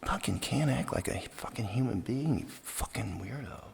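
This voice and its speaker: A man's voice: deep voice, brisk, breathy edge, heavily acted. A man mimicking a rude, snapping rideshare driver. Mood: irritated. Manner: snapping and insulting.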